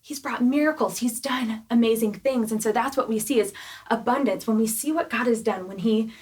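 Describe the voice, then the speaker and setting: A young woman preaching a casual youth sermon, chatty and animated, full of "like" and "right?" asides. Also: a little high, moderate pace. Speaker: youth pastor.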